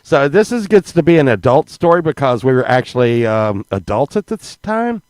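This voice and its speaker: A man's voice: mid-range voice, sing-song, moderate pace, darkish tone, no room sound. A man, telling stories in a rambling, casual way to a live chat, restarting words and swearing freely.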